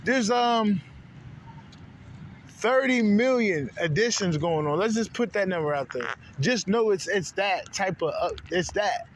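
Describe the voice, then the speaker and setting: This man's voice sits high with lively intonation, moving a little slowly over slight background noise. As the host of a spiritual channel, he rambles through an unscripted monologue, hopping between ideas in loose, profane slang.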